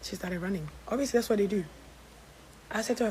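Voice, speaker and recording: A woman from Gambia telling a casual story time to her followers, animated and sassy, with some swearing. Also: mid-range voice, fast talker, pauses often, a little hiss or hum, low-quality recording. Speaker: social media storyteller.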